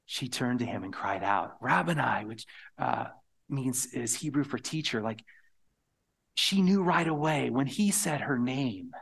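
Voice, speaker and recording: A man preaching a sermon, earnest and storytelling, sometimes dropping to a hushed whisper on key words. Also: medium pitch, animated, unhurried, creaky, slightly rough. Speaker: pastor.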